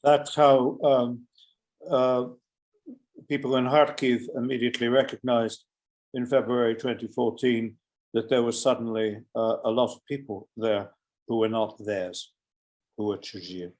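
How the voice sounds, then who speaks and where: A man's voice: medium pitch, level tone, a little slow, darkish tone. A man speaking as a panelist in an online discussion, hesitant, with many fillers and restarts.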